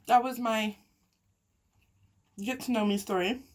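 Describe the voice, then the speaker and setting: A woman's voice: fairly high pitch, steady tone, a little slow, pauses often. A young woman vlogger telling a personal story in casual chat while eating, emotional and chatty, sighing and laughing often. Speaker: mukbang vlogger.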